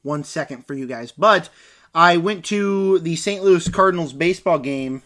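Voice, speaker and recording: A young man casually reviewing movies in a rambling, animated way, acting out scenes with quick impressions. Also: a little high. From United States.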